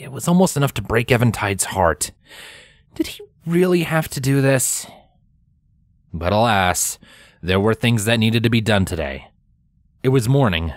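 A man narrating a fanfiction story aloud in steady storytelling style, acting out the dialogue. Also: fairly low pitch, no room sound, studio quality. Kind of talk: fanfiction reading.

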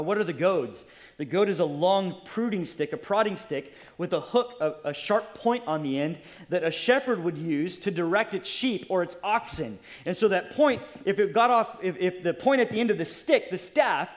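A man preaching a sermon as pastor, impassioned and putting direct questions to his congregation. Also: sits high.

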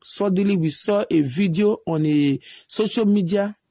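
A woman speaking Nigerian Pidgin English, rambling and animated as she comments on gossip and pleads with her viewers. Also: mid-range voice, moderate pace, no echo, clean studio sound. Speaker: online commentator.

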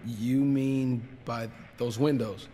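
A man's voice: mid-range voice, fairly even intonation, slow pace, mellow, in a large hall. An actor playing a sullen, offhand man who refuses to help, in a horror video game. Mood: dismissive. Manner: offhand, dismissive. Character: sullen grown man, unhelpful and cagey.

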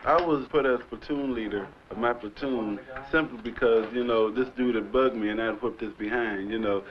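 A young war veteran giving rambling testimony at a panel, full of 'you know'. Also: male voice, mid-range voice, normal speed. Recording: dull old archive recording with crowd.

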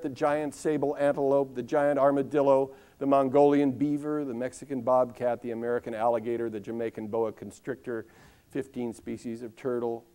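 An older man performing a wry, ironic comic monologue on a live stage, delivered like a newscast with dramatic pauses and long lists. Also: medium pitch, warm tone. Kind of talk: comic spoken-word monologue with news-style delivery.

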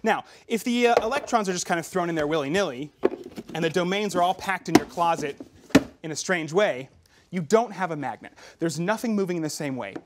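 A man's voice: fairly high pitch, lively intonation, fairly quick, heavy background noise. A man explaining a science demonstration on a talk show, with enthusiasm. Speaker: science guest.

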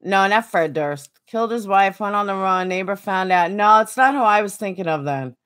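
Woman, game streamer, casual chat, swears freely, mid-pitched voice. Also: lively intonation, normal speed, fairly bright tone. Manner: chatty, swears freely, answers viewers by name. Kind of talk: casual chat while gaming.

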